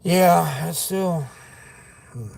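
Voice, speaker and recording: A man with a Southern accent chats loosely to his livestream viewers from behind the wheel, wandering from story to story. His voice sits a bit high for a man. Steady road and wind noise fills in behind him. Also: extremely slow, vocal fry, low-quality recording. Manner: rambling, chatty, talks to chat while driving. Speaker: livestreaming delivery driver. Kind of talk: casual livestream chat. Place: inside a car.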